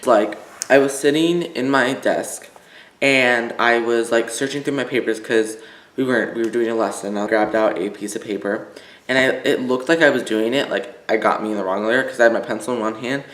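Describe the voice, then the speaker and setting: A man's voice: medium pitch, moderate pace, a bit bright, echoey room. A teenage boy from Illinois telling stories in a casual vlog, rambling with lots of "like" and fillers. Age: teens. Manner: rambling, filler-heavy, full of "like". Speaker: vlogger.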